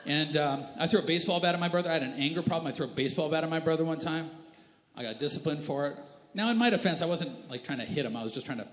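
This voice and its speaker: A man's voice: on the high side, rapid-fire. A male pastor in his thirties telling funny family stories in a sermon, self-deprecating and chatty, with asides to the congregation. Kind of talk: humorous sermon storytelling. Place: large church hall. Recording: roomy church hall with long reverb.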